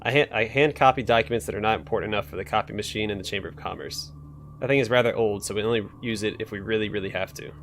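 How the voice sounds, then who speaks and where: A man's voice: on the low side, racing, a bit bright, slight background noise. A man voicing a nervous male clerk who has verbal tics and talks in a stammering, apologetic way, in a game.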